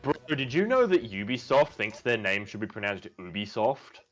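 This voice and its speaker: Young guy on a podcast with a really animated voice, deadpan jokes. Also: lowish voice, normal speed. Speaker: podcast co-host. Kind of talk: casual chat.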